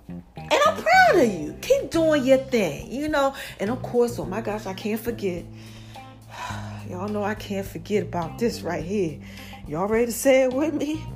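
A woman with a high voice hosts a casual solo show, talking straight to her listeners. She is playful and stretches her words into a sing-song drawl. She sounds a little out of breath, with soft music under her. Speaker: show host.

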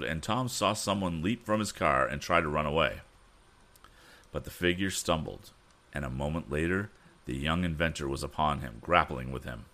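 A man reads an adventure novel aloud in a very low voice that still moves in lively swings. His tone is bright and forward, and he corrects himself when he stumbles over a word. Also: normal speed. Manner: expressive, corrects his own misreadings. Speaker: audiobook reader.

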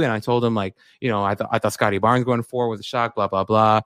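A man co-hosting a sports podcast, talking in an excitable, rambling way with lots of "like" and "bro". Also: medium pitch, fast talker, dry recording, clean studio sound. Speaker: podcast co-host. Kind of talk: casual sports podcast chat.

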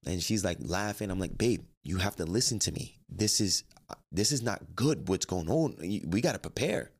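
A life coach and trainer with a low, gravelly voice tells a personal story at a moderate pace, the crackly fry lasting throughout. He's animated, acting out the conversations by quoting both himself and the other people involved.

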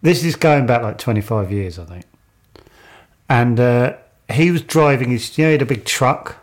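A man's voice: mid-range voice, normal speed. A man, chatting casually on a podcast and laughing often as he tells an anecdote. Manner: laughs a lot while telling anecdotes.

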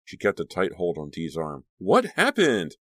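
A man narrating an audiobook with a dramatic, expressive reading. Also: extremely low pitch, fairly quick, no room sound.

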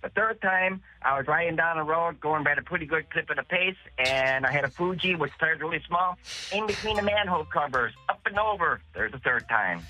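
A man's voice: on the high side, lively intonation, fairly quick, pushed and bright, soft background music. A male caller telling a story, polite and matter-of-fact. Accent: unusual for the region. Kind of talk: phone-in story. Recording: tinny phone line.

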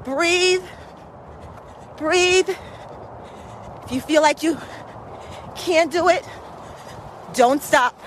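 A woman with a very high voice walks through a park while pacing her listeners. She talks slowly and deliberately, repeating encouraging cues, and sounds a little breathy from moving. Faint outdoor noise sits behind her voice. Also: rough recording. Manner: encouraging, repetitive coaching cues. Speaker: walking pace coach. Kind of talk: motivational workout vlog while walking.

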